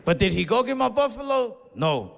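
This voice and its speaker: Profane stand-up comedian in an echoey club. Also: male voice, high voice, sing-song, normal speed, creaky, a crowd in the background. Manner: casual, profane, exasperated. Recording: reverberant venue with faint audience noise.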